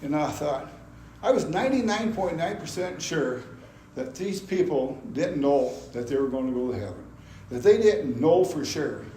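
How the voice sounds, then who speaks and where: An older man giving a personal testimony at a gospel meeting, telling his story in an animated way and acting out his past anger. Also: a little high, normal speed. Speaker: testimony speaker. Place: gospel hall. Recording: echoey hall, faint background noise.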